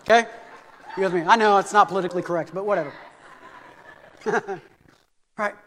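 A middle-aged man preaching a sermon, animated and conversational with touches of humor. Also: high-pitched, a little fast, a little hiss or hum. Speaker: pastor. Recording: long hall reverb.

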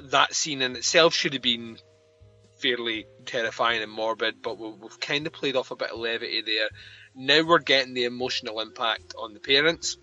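A man's voice: mid-range voice, normal speed, bright, forceful tone, highs cut off, faint music behind. A man in a casual podcast chat about a TV episode, earnest and given to repeating himself. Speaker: podcast co-host.

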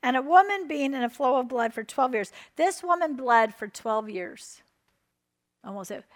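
Woman preacher mid-sermon, fairly high voice, driving points home with repeated phrases and calls for "Amen". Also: animated, normal speed. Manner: emphatic, repeats phrases and asks the crowd "Amen?".

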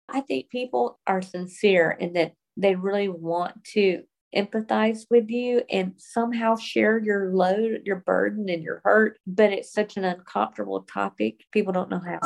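A woman's voice: medium pitch, moderate pace, creaky, hardly any pauses, darkish tone. A woman guest on a faith-based podcast, speaking in a heartfelt, encouraging way about her own experience.

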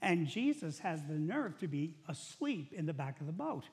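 A male pastor preaching a sermon in a church, talking conversationally and building to loud, emphatic peaks. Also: on the high side, big pitch swings, moderate pace, few pauses. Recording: long hall reverb.

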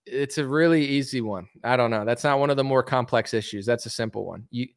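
A man streaming an opinionated political monologue, emphatic and mocking, acting out other people's replies in quick asides. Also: medium pitch, no room sound, clean studio sound.

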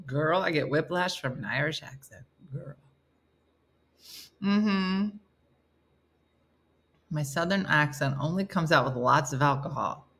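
Animated, lower-voiced New Jersey woman host. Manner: animated, joking, laughs often. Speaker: live-stream morning show host. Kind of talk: casual chat reading viewer comments.

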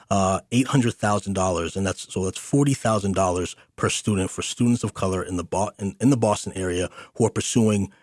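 A man's voice: fairly low pitch, a little mellow, no echo, clean studio sound. A man hosting a community radio interview show, speaking earnestly with many fillers and restarts. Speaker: radio host.

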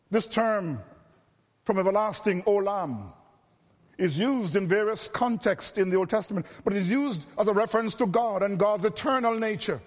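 A man preaching an expository sermon, earnest and measured, stretching key phrases for emphasis. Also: high-pitched, expressive, big-room sound.

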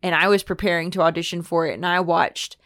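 A woman's voice: fairly low pitch, fairly even intonation, fast talker, a bit bright, no room sound, studio quality. A woman podcast host reading a fan theory aloud and chatting enthusiastically with her co-hosts.

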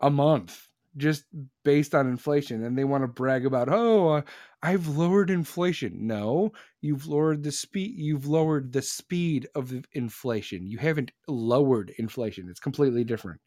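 A man's voice: mid-range voice, normal speed, warm tone, no echo, studio quality. A man in his forties hosting a podcast, ranting in a rambling, fired-up way with many restarts. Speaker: podcast host. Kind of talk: casual podcast chat.

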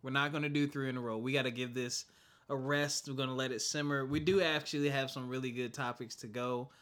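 A man's voice: mid-range voice, steady tone, brisk, a bit bright. A young adult man, co-hosting a casual podcast chat, joking and making asides as he reads facts aloud. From South Carolina. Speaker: podcast co-host.

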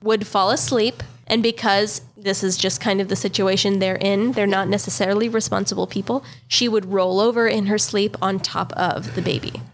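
A woman co-hosting a podcast, telling a true-crime story in a casual, steady way and laughing off interruptions. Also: mid-range voice, normal speed, hardly any pauses, slight background noise.

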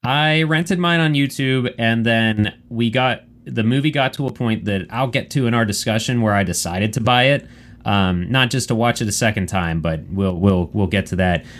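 A man with a fairly low voice hosts a relaxed podcast, rambling along and restarting his sentences. He curses casually now and then. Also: normal speed. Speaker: podcast host. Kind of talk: casual chat.

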